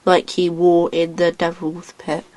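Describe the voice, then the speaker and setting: A woman's voice: fairly low pitch, unhurried, rough recording. Rambling woman retelling a story. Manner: rambling, excitable plot retelling with acted-out lines. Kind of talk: casual chat.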